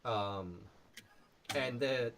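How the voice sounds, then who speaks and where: A man casually presenting his tabletop adventure on a live stream in a relaxed, rambling way. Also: medium pitch, very slow, slight background noise.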